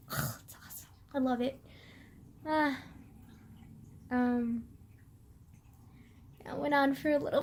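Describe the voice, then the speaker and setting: A woman's voice: high voice, fairly bright tone. A young woman vlogging about a book she loves, rambling casually with constant fillers and frequent swearing. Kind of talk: casual chat.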